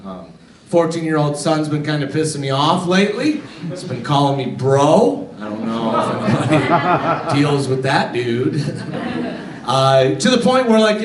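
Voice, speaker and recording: Comedian in a roomy theater. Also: male voice, a little high, big pitch swings, moderate pace. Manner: conversational storytelling, acts out family dialogue. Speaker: stand-up comedian. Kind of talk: stand-up comedy set. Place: theater stage with a live audience. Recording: roomy theater sound from a distance.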